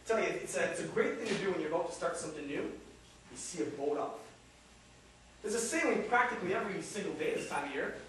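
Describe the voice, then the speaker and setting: Male actor as a high, lively, rambling New York drifter; stage monologue caught from far off in an echoey, noisy room. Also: quick pace. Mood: wistful. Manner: rambling, animated, mimics passers-by. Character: restless witty out-of-work New York man.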